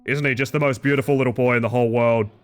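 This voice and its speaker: A streamer voicing a broad, bald, serious coffee-shop man who speaks in a powerful monotone. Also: medium pitch, very fast, soft background music, close to an everyday voice. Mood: doting.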